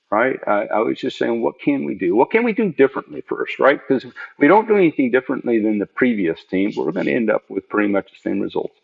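A man, a program manager, telling an interviewer about his work in an earnest, emphatic way and jumping up in pitch to stress his points. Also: vocal fry. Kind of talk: conversational storytelling in an interview. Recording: dull lo-fi audio.

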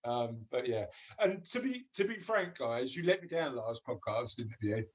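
A man's voice: medium pitch, very animated, moderate pace. A man hosting a podcast in casual chat, playful and teasing, often laughing. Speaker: podcast host.

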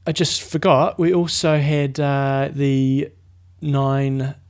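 A man's voice: mid-range voice, little pitch movement, slow, a little mellow. A man with a New Zealand accent co-hosting a casual podcast, chatty and thinking aloud as he looks things up. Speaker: podcast co-host. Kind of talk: casual chat.

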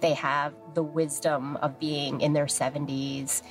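Low-voiced woman telling family stories. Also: measured pace, soft background music. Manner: animated, acts out quoted voices, laughs often. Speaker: guest. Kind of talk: casual storytelling.

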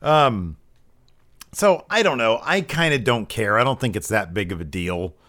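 A man co-hosting a wrestling podcast, chatting casually and lively, often acting out what people said. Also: fairly low pitch, moderate pace. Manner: animated, acts out quotes in put-on voices. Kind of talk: casual chat recapping wrestling.

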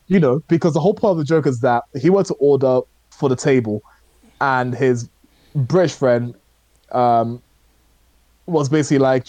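A man chats casually on a podcast about what he has been watching, with a mellow, dark voice. He rambles and hesitates, filling the gaps with ums and uhs. The sound is dry and close, with little room. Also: mid-range voice, moderate pace, pauses often, no echo. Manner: rambling, hesitant, many fillers. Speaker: podcast co-host. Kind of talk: casual chat reviewing shows.

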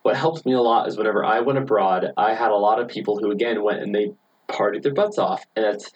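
A man's voice: lowish voice, fast talker, husky, dull audio. A man in his twenties chatting casually as a podcast guest, rambling through stories with lots of fillers and laughs. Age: 20s. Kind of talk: casual chat, storytelling.

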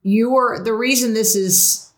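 A woman's voice: a little high, steady tone, slow. A woman hosting a casual podcast conversation, affirming her guest and laughing along. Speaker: podcast host.

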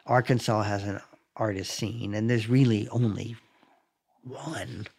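A man, an artist, chatting casually in a reflective, halting way with many fillers. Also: fairly low pitch, steady tone, creaky, darkish tone, slightly rough. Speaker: artist in conversation. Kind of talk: casual chat.

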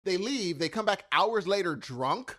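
Podcast co-host: high, lively male voice, exasperated and slangy, ranting through a casual chat. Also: a little slow.

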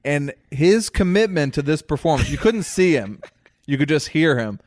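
A man's voice: fairly high pitch, expressive, normal speed, darkish tone, no room sound, studio quality. A man telling stories in casual chat, rambling and self-deprecating.

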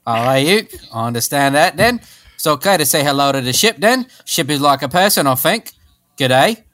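A man's voice: fairly high pitch, animated, moderate pace, a bit bright, no room sound. A man voicing a cheerful male navy captain with a put-on Australian accent, breezy and chatty in an improvised comedy sketch. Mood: jolly. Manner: breezy, ends sentences with "then".

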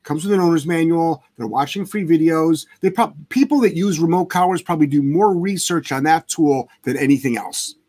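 A man's voice: fairly high pitch, fairly quick, hardly any pauses, darkish tone. A man hosting a casual live chat as a dog trainer, talking bluntly and emphatically with plenty of swearing. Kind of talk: casual livestream chat answering viewer questions.

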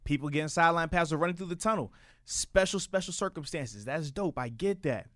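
A former player co-hosting a casual sports show breaks down football plays with animated energy. His voice is a bit high for a man and fairly quick, recorded close and dry with no room sound.

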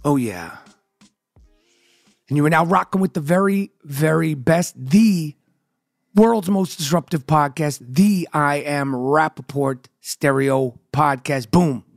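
A man's voice: fairly high pitch, slow pace, creaky, dry recording, clean studio sound, soft background music. A man from New York hosting a podcast, ranting about sports with heavy swearing and sing-song chanted intros. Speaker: podcast host. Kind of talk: profane sports rant.

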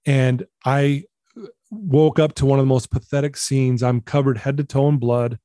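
Earnest man telling his story, mellow voice. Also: medium pitch, steady tone, moderate pace, no echo, clean studio sound. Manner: earnest, candid, repeats himself for emphasis. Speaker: guest. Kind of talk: personal storytelling in conversation.

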